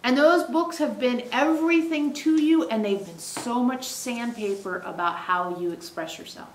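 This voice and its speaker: A woman channeler speaking as "we" for a spirit group, giving an emphatic, animated teaching to a small live audience. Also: a little high, moderate pace, a little hiss or hum. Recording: echoey room.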